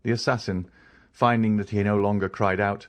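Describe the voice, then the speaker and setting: A man narrates a classic novel for an audiobook with a somewhat low voice. His storytelling is even and measured, steady through the action. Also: muffled recording.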